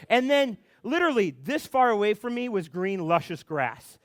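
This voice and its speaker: A young man gives a youth group talk as a pastor, his voice sitting high for a man. He tells stories in an animated way, with plenty of fillers and restarts. The sound is dry, with almost no room echo. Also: a little fast, few pauses. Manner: animated storytelling with many fillers.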